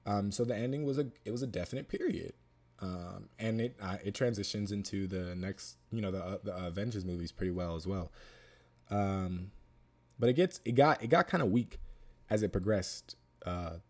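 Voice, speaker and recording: Lower-voiced man rambling through a review. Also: normal speed. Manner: rambling, lots of fillers and restarts; emphatic, repeats himself for stress. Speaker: movie reviewer. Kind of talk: casual spoken film review.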